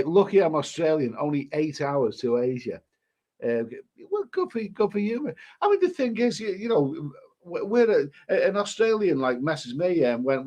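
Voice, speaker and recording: Stuffy with a cold, a man with a mid-range, darkish voice rambles casually on a live stream. As a travel vlogger, he reads out viewer comments, restarting himself many times.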